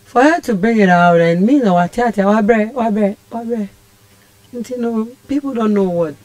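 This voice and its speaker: A woman's voice: fairly high pitch, measured pace, darkish tone, no echo. A Ghanaian woman telling a personal story as a radio guest, impassioned and rambling. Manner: impassioned, rambling, switches languages. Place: radio studio.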